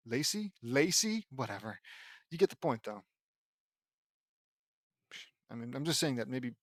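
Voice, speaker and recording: A man's voice: mid-range voice, darkish tone, no room sound, studio quality. A young man reading his fan fiction aloud, breaking off with rambling, sarcastic asides and swearing. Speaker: audiobook reader.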